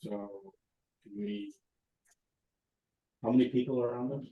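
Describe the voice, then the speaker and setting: A man's voice: medium pitch, fairly even intonation, measured pace, echoey room, phone-quality sound. A man playing a tabletop game, planning tactics and trailing off mid-thought. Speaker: player. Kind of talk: casual game chat.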